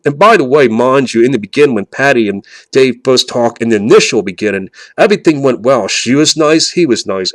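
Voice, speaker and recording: Male vlogger, mid-pitched, rambling with lots of fillers, builds to indignant outbursts, dry close sound. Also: no echo. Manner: rambling, full of fillers and restarts, grows heated and indignant. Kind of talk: casual rambling rant.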